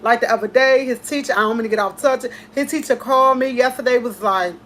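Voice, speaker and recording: A woman hosting a casual chat, talking in an emphatic, repetitive way with heartfelt excitement. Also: fairly high pitch, fast, a little hiss or hum. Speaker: host.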